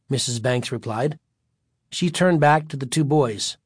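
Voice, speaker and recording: A man narrating a chapter of a story in an even storytelling voice. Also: mid-range voice, unhurried, breathy edge, dry recording, studio quality. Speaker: audiobook narrator. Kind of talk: scripted narration.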